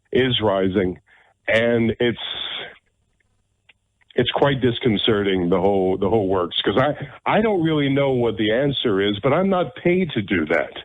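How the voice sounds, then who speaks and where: A man's voice: on the low side, no room sound. Blunt radio host man, narrow phone-like sound. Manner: blunt, emphatic, repeats phrases for effect. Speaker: radio talk show host. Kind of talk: opinionated talk radio monologue.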